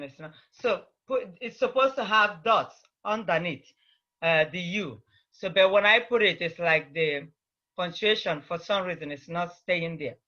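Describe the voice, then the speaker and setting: A man teaching a language online, patiently repeating words slowly so his students can copy them, heard over a video call. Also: fairly high pitch, sharp tone, dull audio.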